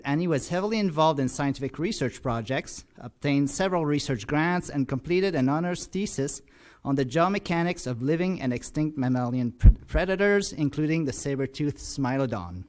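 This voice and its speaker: A man's voice: fairly high pitch, a little mellow. A man hosting a lecture series, reading out a prepared introduction of a guest speaker, with a few small slips he corrects as he goes. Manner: reads carefully, with small slips and self-corrections.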